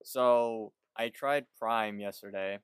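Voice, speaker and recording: A man's voice: on the low side, slow, clean tone, no echo. A man co-hosting a podcast, chatting casually and swearing freely. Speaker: podcast co-host. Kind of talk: casual chat.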